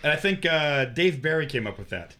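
A man's voice: fairly high pitch, big pitch swings, brisk, sharp tone. A man co-hosting a podcast, telling stories and laughing as he talks. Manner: storytelling, laughs while talking. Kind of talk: casual chat.

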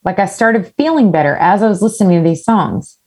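A woman's voice: medium pitch, animated, a little fast, a little mellow, husky. A woman singer-songwriter telling a story in a casual interview, candid and rambling, with the odd curse word. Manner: candid, rambling storyteller who swears freely.

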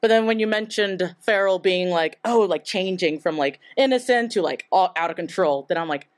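A woman's voice: fairly low pitch, moderate pace. A young woman from Taiwan telling a story on stage at a live event, chatty and casual, full of "like" and laughing often. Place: live event in front of an audience.

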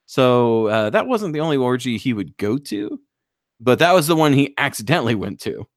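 A podcast co-host recounts wild anecdotes in casual chat, storytelling with loose, profane, animated energy and sudden emphasis. His mid-range voice moves at a moderate pace. The recording is dry, with no echo or room sound.

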